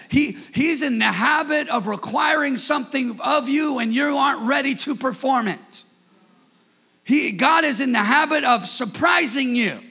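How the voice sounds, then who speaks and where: A high-pitched, gravelly male pastor preaching a sermon. His voice is bright and edged, a little husky, and he trades call-and-response with the congregation, dropping into quiet asides and then rising to shouts.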